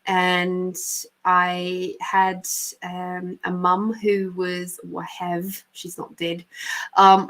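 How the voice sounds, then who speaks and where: A woman's voice: medium pitch, a bit bright, poor audio. A woman from New Zealand with a New Zealand accent, hosting a live stream and giving intuitive card readings in a chatty, affectionate way, speaking to viewers by name.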